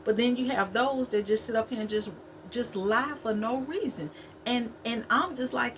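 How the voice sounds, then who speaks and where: A woman's voice: on the high side, normal speed, a little hiss or hum. A woman giving a spiritual talk to her viewers, preachy and repetitive, in a conversational way. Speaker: spiritual vlogger.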